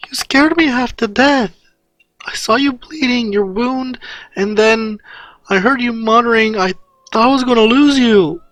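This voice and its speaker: A man voicing an emotional, tearful schoolgirl in a fan story reading, pleading and scolding in a high pitch. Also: expressive, normal speed, sharp tone. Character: tearful anxious girl student, emotional.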